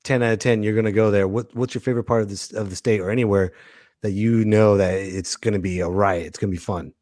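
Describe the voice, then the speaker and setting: A man hosting a comedy podcast, laid-back and quick to laugh, chatting with his guest. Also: fairly low pitch, steady tone, a little mellow, no echo, clean studio sound. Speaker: podcast host. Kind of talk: casual podcast chat.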